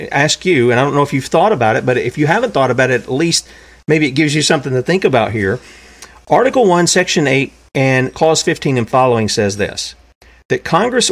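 Male host, emphatic, lecturing, slightly high voice. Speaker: podcast host. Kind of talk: interview conversation.

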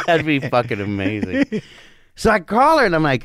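A man's voice: a little high, huge pitch swings, a little fast, fairly bright tone, no room sound, clean studio sound. A man in his forties from northern Florida, telling a story in a casual, profane way and acting out the quotes. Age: 40s. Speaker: podcast guest.

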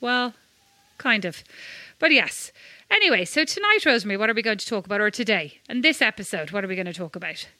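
A woman's voice: medium pitch, sing-song, quick pace, bright, forceful tone, no room sound. A woman from Ireland co-hosting a podcast, telling chatty, self-mocking stories in casual conversation. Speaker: podcast co-host. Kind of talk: casual chat.

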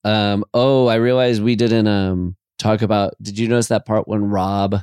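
A man's voice: fairly low pitch, flat delivery, moderate pace, darkish tone, clear, resonant tone, dry recording, clean studio sound. A man co-hosting a podcast in casual chat, playful and rambling, often laughing. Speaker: podcast co-host.

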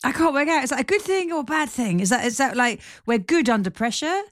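Lively woman co-hosting, joking. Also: sits high, quick pace. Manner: animated, joking, laughs often. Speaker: podcast co-host. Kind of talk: podcast interview, casual chat.

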